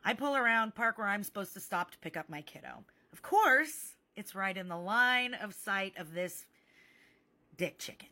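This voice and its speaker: Bright-voiced woman telling a sarcastic story. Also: medium pitch, moderate pace. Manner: animated, sarcastic, swearing freely. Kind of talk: casual storytime vlog.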